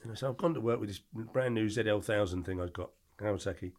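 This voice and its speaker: A man's voice: on the low side, quick pace. An older man, telling a long story as a podcast guest and acting out the voices as he goes. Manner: animated storyteller who acts out the voices. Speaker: podcast guest, former doorman. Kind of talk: storytelling in a casual interview.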